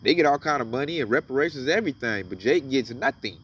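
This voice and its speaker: A man's voice: medium pitch, lively intonation, fast, fairly bright tone, far from the mic, slight background noise. A man giving casual, emphatic commentary on scripture, reading verses aloud and then riffing on them. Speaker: religious commentator.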